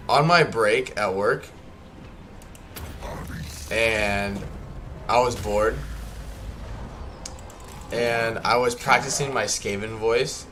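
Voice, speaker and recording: A man's voice: medium pitch, fairly bright tone. Rambling young male game streamer. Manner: rambling, chatty, lots of fillers and self-corrections. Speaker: gaming streamer. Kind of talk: casual livestream commentary.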